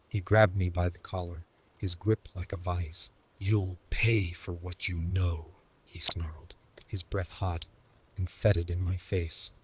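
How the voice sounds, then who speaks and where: Deep, husky male horror narrator. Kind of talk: scripted horror story narration.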